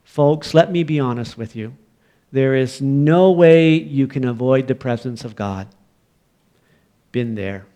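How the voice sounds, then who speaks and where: A middle-aged Canadian man preaching a sermon, telling a story from his own childhood and building to loud, emphatic preaching. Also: medium pitch, measured pace. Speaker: pastor.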